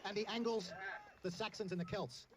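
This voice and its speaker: A man delivering a public speech in a slow, emphatic, declamatory way. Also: high-pitched, steady tone, crowd noise, noisy background. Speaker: rally speaker.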